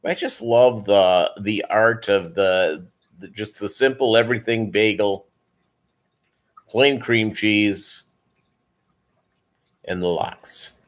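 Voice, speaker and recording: A tired, yawning man hosts a casual livestream, speaking slowly in a lowish voice and pausing often. He rambles with lots of fillers as he chats with viewers.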